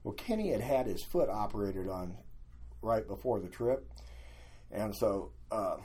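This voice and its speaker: An older man, a guest, telling lively anecdotes in a casual storytelling way and acting out what other people said. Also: lowish voice, a little slow, husky. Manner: animated anecdotes, acting out quoted voices.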